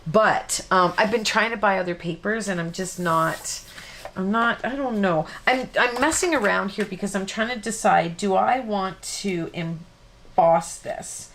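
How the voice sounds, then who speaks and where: A woman's voice: mid-range voice, a little slow, a bit bright, slight background noise. A woman hosting a live card-making tutorial, chatting casually and rambling with easy laughs. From Canada. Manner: rambling, self-interrupting, laughs easily.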